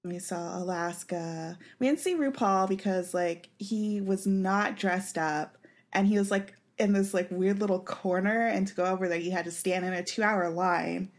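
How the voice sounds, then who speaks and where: A woman's voice: fairly low pitch, normal speed. A young woman co-hosting a podcast, chatting casually and telling a story with lots of fillers and easy laughter. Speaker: podcast co-host. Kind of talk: casual chat.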